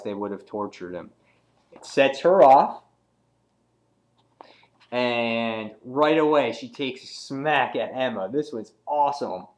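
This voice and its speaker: A man at home talks through a comic book on camera in a relaxed, rambling way, with plenty of ums and uhs. His voice sits at an ordinary middle pitch, and he jumps higher whenever he reads a character's line aloud. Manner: relaxed and rambling, many fillers, acts out quoted lines in a higher voice. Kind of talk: casual video review.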